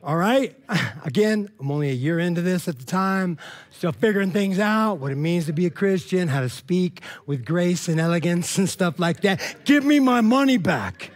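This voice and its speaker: A man preaching a sermon as a conversational story, acting out dialogue and checking in with the congregation. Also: moderate pace. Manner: animated, acts out dialogue with swings in pitch and loudness; conversational, frequent "all right?" and "you know what I mean?". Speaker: pastor.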